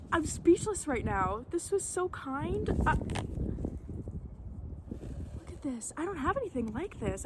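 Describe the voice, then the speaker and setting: A woman vlogger unboxing tarot decks outdoors, gasping and halting, overwhelmed with delight. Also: high-pitched, heavy background noise. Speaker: vlogger opening tarot mail. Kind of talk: casual unboxing chat. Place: outdoors at a table on a windy day.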